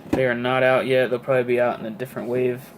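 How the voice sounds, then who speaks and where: A man's voice: mid-range voice, little pitch movement, quick pace, background noise. A man of twenty-eight chatting casually about his toy collection, rambling with many fillers and asides. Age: 20s. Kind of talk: casual chat.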